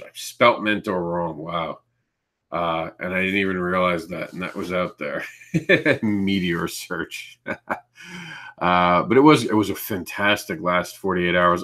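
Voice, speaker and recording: A man's voice: sits low, bright, forceful tone. A man hosting a live indie comics news show, chatting casually, stumbling over names and laughing at his own slips. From Ireland.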